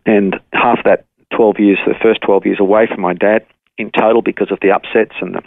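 An older Australian man, a ministry founder telling stories as a guest in a phone interview, warm and earnest. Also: on the low side, fairly even intonation, fairly quick, vocal fry, no room sound. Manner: warm storytelling, repeats the host's name. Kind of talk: radio interview over the phone. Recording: tinny dry phone line.

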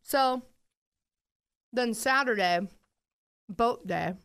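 Speaking very slowly in a slightly high, somewhat bright, clean voice, this young podcast co-host tells weekend stories in casual, chatty fashion, sprinkling in plenty of "like" and "um." She occasionally talks with food in her mouth, and the studio recording is clean with no room sound.

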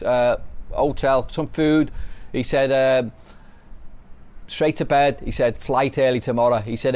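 A man's voice: medium pitch, darkish tone. Chatty man telling stories. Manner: chatty, anecdotal, laughs while telling stories. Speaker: podcast host, former footballer. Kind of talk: casual storytelling chat.

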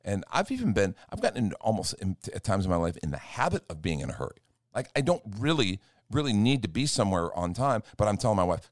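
A man, a pastor, chatting in an earnest, animated way and acting out little quotes as he tells stories. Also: fairly low pitch, fast talker, no room sound, clean studio sound. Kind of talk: casual chat. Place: church.

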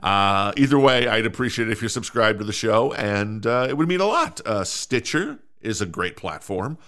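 A middle-aged man with a fairly low voice chats loosely through a solo podcast. He wanders off track, stumbles over words and pokes fun at himself as he goes. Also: very animated, normal speed, a bit bright. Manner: rambling, self-mocking, many fillers and restarts. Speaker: podcast host. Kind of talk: casual solo podcast chat.

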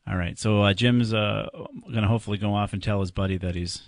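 Low-voiced plainspoken radio tech host, dry studio sound. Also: male voice, steady tone, creaky, no echo. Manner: plainspoken, jokey, giving quick practical advice. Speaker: radio call-in show host. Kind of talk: call-in tech radio talk. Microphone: studio microphone.

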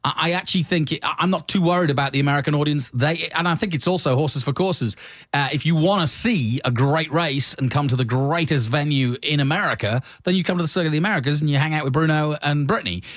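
A man's voice: a little high, fast, a bit bright, no room sound, clean studio sound. A man hosting a casual motorsport talk show, chatty and teasing, often restarting his sentences. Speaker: host.

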